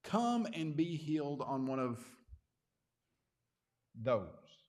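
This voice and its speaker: A man's voice: fairly high pitch, very animated, darkish tone, full character voice. A man doing a stately, stern synagogue leader. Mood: pointed, formal. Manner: slow, weighty, pointed delivery. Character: stately, formal male synagogue leader scolding indirectly.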